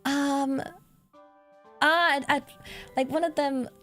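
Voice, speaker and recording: Woman, streamer, casual chat, giggly, unhurried, thinks aloud. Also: sits high, fairly even intonation, a bit bright, faint music behind. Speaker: VTuber streamer. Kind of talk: casual livestream chat, reading donations.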